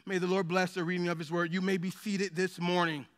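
Man, preacher, sermon, impassioned with joking asides, very high pitch, echoing church hall. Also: little pitch movement, fairly quick. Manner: impassioned, building to shouts, with jokey asides. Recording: long hall reverb.

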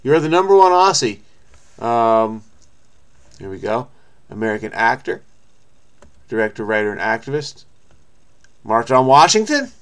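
An excitable man reads a story aloud in a middle-pitched voice, then keeps cutting in on himself. He uses quick outbursts and half-finished asides, and his reading has the running-commentary feel of a crossword host. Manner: excitable, interrupting himself with exclamations.

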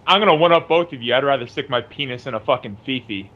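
A man's voice: medium pitch, quick pace. A man in casual chat making crude wisecracks. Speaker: podcast co-host. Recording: dull lo-fi sound.

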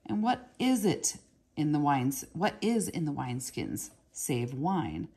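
A woman's voice: low-pitched, sing-song, takes it slowly, warm tone, husky, heavily acted. A woman reading aloud and voicing a harsh, brutal stonecutter who growls and grates his words. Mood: menacing. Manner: growling, grating, menacing.

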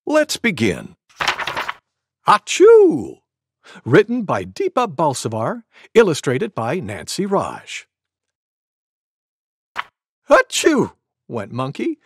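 Male children's story reader: gentle, slow, animated, slight fry, dry close sound. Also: medium pitch, no room sound. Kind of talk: read-aloud children's story.

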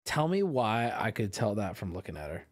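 A man's voice: on the low side, very animated, normal speed, soft background music. A man joking bluntly as he reacts to a dating show on a live stream, rambling with crude asides into a desk microphone. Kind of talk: casual live-stream commentary.

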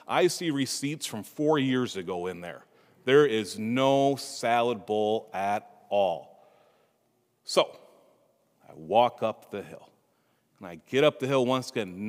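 A priest giving a homily, telling a humorous family story with asides to the congregation, in a church. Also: male voice, medium pitch. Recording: reverberant church hall.

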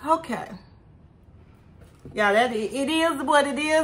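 Woman, casual eating vlog, slow talker, bright tone. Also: high-pitched. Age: adult with a son. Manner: chatty, keeps addressing viewers as y'all. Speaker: food vlogger.

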